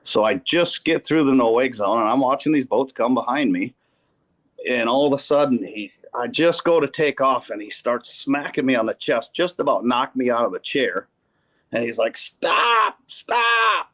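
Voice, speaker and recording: A man from Wisconsin, a podcast guest telling casual fishing stories in an animated way. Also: medium pitch. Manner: animated anecdote teller who acts out quotes. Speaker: podcast guest, pro angler. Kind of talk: casual storytelling.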